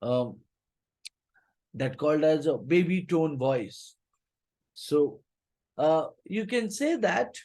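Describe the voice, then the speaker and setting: Give me a teacher explaining slowly. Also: male voice, on the high side, animated, darkish tone. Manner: rereads lines, then paraphrases them with many "means, uh" fillers. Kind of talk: explaining a literature text to a class.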